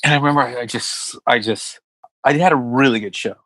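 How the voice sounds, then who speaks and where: A man's voice: medium pitch, fairly quick, a bit bright, dry recording, poor audio. A man who is a comedian, telling rambling stories in a casual podcast chat and acting out quotes. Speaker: comedian guest. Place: West Hollywood.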